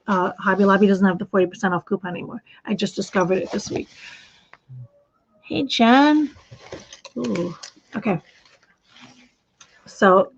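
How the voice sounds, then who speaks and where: A woman's voice: mid-range voice, highs cut off, a little hiss or hum. Chatty woman hosting a craft stream. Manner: rambling, chatty, with frequent restarts and laughs. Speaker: knitting podcast host. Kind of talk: casual live stream chat.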